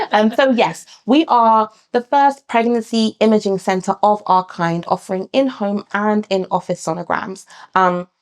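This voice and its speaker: A British woman, a midwife and founder of a sonogram service, talking in a lively conversational interview and acting out other people's voices. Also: mid-range voice, measured pace. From England. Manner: animated, acts out other people's voices in quotes.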